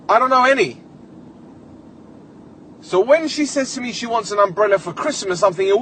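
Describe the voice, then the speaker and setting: A young man rants through a comic story as a solo podcast host, swearing freely and sounding exasperated. His voice sits high and swings widely in pitch as he talks. A faint noise hums in the background. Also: pushed and bright.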